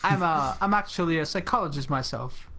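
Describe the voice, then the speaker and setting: A man's voice: on the high side, a little fast, a loud crowd. A man appearing as a podcast guest in casual chat, teasing dryly and laughing often.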